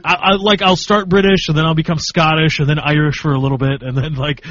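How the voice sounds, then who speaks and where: A man's voice: on the high side, flat delivery, fairly quick, fairly bright tone, dry recording, dull audio. A man in his twenties co-hosting a podcast, chatting casually, hesitant and self-deprecating. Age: 20s. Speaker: podcast co-host. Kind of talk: casual chat.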